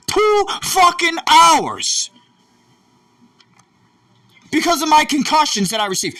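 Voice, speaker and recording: A man's voice: extremely high pitch, sharp tone. A young man vlogging, talking in a rambling, profane and agitated late-night rant, a bit distant from the mic. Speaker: YouTube vlogger.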